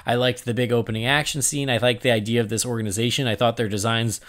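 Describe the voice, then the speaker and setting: A man hosting a podcast in casual chat, animated and laughing often as he acts out his own reactions. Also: mid-range voice, fast talker. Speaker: podcast host.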